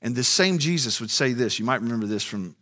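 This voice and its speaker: A man's voice: medium pitch, expressive, fast, fairly bright tone. A man preaching a sermon, moving from a conversational tone to fiery, soaring emphasis. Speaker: pastor.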